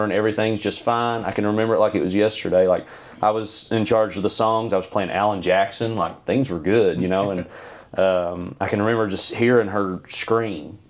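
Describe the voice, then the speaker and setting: A man, a podcast guest telling a personal story in an earnest, halting way with many fillers and restarts. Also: fairly low pitch, fairly even intonation.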